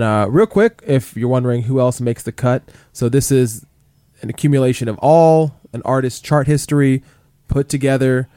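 A man's voice: medium pitch, darkish tone, clear, resonant tone, dry recording, clean studio sound. A man co-hosting a casual chart countdown podcast, chatty and full of fillers. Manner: chatty, many fillers like "you know" and "like".

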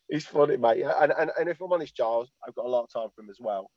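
Chatting as a podcast guest over a video call from his parked car, an ex-footballer rambles, laughs and curses. He talks quickly with few pauses, in a fairly high, lively, darkish voice; there's no room sound, and the call audio is dull lo-fi.

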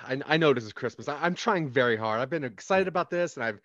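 A man's voice: medium pitch, expressive, fast, a bit bright, no room sound, muffled recording, lightly acted. A man playing an overeager, jittery young male elf who stammers and restarts constantly. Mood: frantic. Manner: stammering, restarts, hyped on energy drinks.

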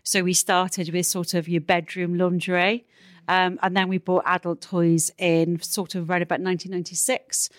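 A woman's voice: lowish voice, level tone, normal speed, dry recording. A woman with a Welsh accent, a guest on a casual chat show, explaining her business step by step with frequent ums. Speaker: guest entrepreneur.

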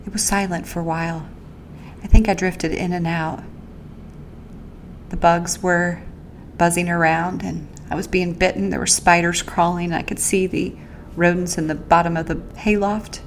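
A woman with a somewhat low voice tells her own story as a podcast host. She speaks earnestly and haltingly, pausing and restarting as she recalls each moment. She also speaks openly of prayer and faith. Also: little pitch movement, a little hiss or hum. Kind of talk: first-person personal storytelling.

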